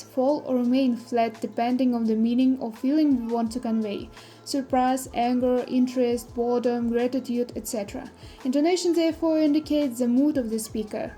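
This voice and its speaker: A woman's voice: sits high, mellow. A young woman from Kyrgyzstan, a student, presenting a lesson on English intonation and carefully reading out example sentences. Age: young adult. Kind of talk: read-aloud lesson presentation. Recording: faint music in the background.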